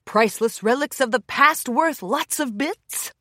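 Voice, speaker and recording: A goofy, proud pony father, as a woman narrator puts him on, boasts about his big plans. His storybook voice is pitched fairly high and comes out loud and bright. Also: a little slow, no room sound, clean studio sound, heavily acted. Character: proud goofy dad pony playing pirate.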